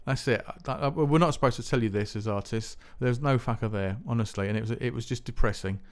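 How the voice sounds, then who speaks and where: A man's voice: medium pitch, fast. A man hosting a music podcast, talking in a rambling, chatty, self-mocking way with lots of restarts. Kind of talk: casual solo podcast chat.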